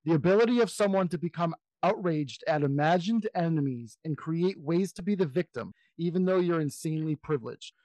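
A man co-hosting a podcast, reading definitions aloud and tossing in amused asides. His voice sits a little high, and the sound is dry and close. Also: fairly quick, few pauses, darkish tone, no room sound, poor audio. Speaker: podcast co-host. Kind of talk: casual podcast discussion.

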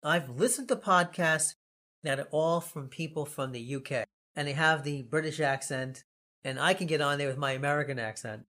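This man's voice is fairly high-pitched with a sharp tone, moving at a normal pace. Hosting a casual podcast in his Long Island New York accent, he rambles, jokes around, and laughs a lot.

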